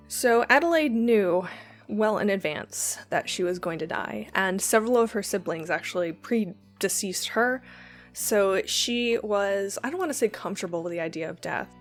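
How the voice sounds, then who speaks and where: A woman who reads a poem softly, sinking into whispers at the line ends, then explains it in a chatty way with quick asides and ums. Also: mid-range voice. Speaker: poetry reader and lecturer.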